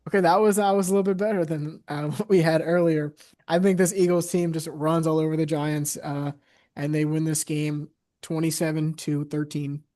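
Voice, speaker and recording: A man's voice: a little high, flat delivery, normal speed, dark tone. A young man co-hosting a casual sports podcast, talking steadily with many "uh" and "you know" fillers. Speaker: podcast co-host.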